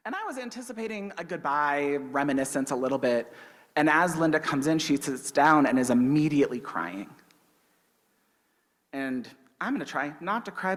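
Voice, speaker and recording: A man's voice: a little high, fairly bright tone. A young adult man, a minister, preaching a sermon as a conversational personal story with light touches of humor. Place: church sanctuary. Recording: long reverb from a sanctuary.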